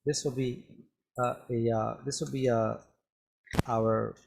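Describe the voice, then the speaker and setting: Slow, patient man teaching English vocabulary. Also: mid-range voice, steady tone, gravelly, noisy background. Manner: repetitive, drawn-out explanations with many "okay?" checks. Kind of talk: slow classroom vocabulary lesson.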